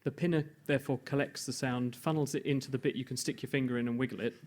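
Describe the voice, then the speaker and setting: A man hosting a live science radio show at a science centre, steering the guest with brisk, guiding questions. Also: medium pitch, steady tone, a little mellow. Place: science centre event room.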